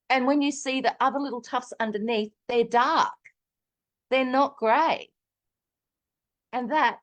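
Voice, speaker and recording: A middle-aged woman on a video call, chatting animatedly with lots of fillers as she tells her own health story. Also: medium pitch. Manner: chatty and animated, many fillers, acts out quoted dialogue. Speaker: guest sharing a personal health story. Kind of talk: casual video-call chat.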